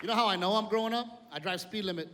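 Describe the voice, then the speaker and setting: A male comedian tells profane stories on a live stage through a handheld mic. His voice sits high, and the big hall's reverb trails each line. Audience laughter and room noise keep rolling. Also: racing. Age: adult, older than in youth. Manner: profane, storytelling. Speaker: stand-up comedian. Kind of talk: stand-up comedy. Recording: live club, reverb and crowd.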